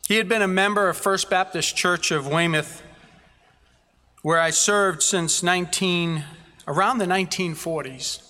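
A pastor preaches a sermon at a measured pace, his voice slightly high, bright and forceful. He speaks earnestly and stacks repeated phrases for emphasis, with the long reverb of a church sanctuary ringing around him.

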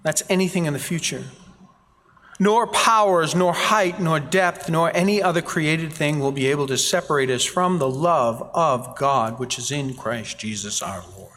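A man preaching a sermon, telling scripture stories with animated voices for the people in them. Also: on the high side, normal speed. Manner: animated storytelling, acting out quoted voices. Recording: reverberant hall.

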